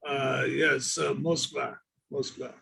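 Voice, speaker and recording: A man's voice: mid-range voice, little pitch movement, takes it slowly, gravelly, bright, forceful tone, husky, voice pushed down, exaggerated voice. A man voicing a vodka-loving Russian, speaking clipped broken English in a put-on Russian accent. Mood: deadpan.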